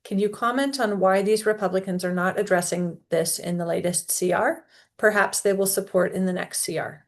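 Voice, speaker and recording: A woman moderating a virtual town hall, reading audience questions aloud in a plain, steady way. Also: medium pitch, normal speed.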